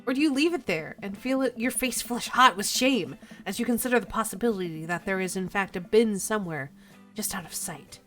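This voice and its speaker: A woman's voice: medium pitch, fairly quick, fairly bright tone, soft background music. A woman streaming a game, chatting playfully, giggling often and reading the story aloud. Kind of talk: let's play commentary and reading.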